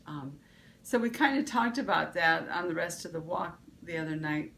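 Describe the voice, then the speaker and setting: A woman's voice: low voice, a bit bright, slight background noise. A woman vlog host, giving a casual motivational talk, rambling with restarts and fillers.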